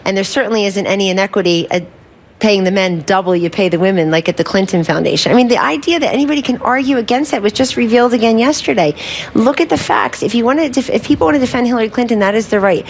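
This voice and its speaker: Rapid-fire, insistent woman in a combative interview. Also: mid-range voice, slight background noise. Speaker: political campaign spokesperson.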